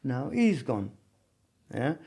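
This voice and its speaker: A man's voice: mid-range voice, very animated, takes it slowly, warm tone, breathy edge. A man telling prison stories in a casual interview, rambling with lots of "you know what I mean". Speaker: podcast guest.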